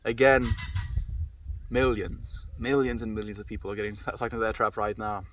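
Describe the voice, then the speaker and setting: A man's voice: on the low side, fairly even intonation, moderate pace, fairly bright tone. A man in his twenties with a South African accent, chatting casually with his stream chat in a laid-back, rambling way. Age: 20s. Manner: laid-back, rambling, says "dude" and "my friend". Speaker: livestreamer reading chat. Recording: distant mic with faint background noise.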